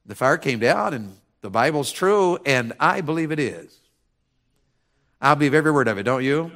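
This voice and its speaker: A man's voice: on the high side, a bit bright. A man preaching a sermon in a folksy, fervent, emphatic way.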